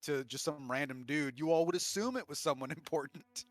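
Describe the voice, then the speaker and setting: A man's voice: on the high side, a little fast. A man narrating a tabletop game as game master, rambling with many fillers and restarts.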